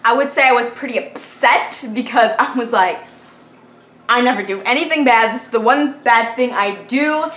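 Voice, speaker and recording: Animated teenage girl, bright echoey voice. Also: on the high side, moderate pace. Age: teens. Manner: animated, dramatic retelling with valley-girl fillers. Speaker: vlogger. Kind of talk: storytime vlog. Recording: echoey room with faint hiss.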